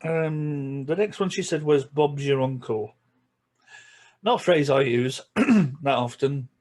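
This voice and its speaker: A man's voice: medium pitch, takes it slowly, a little mellow. A man with a Yorkshire accent, chatting casually in a reaction video and explaining things with everyday examples. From Yorkshire, England. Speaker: vlogger.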